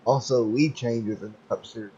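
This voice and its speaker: A hoarse man doing excitable, rambling race commentary over a sim race, with many fillers. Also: medium pitch, fairly quick, dull audio, a little hiss or hum.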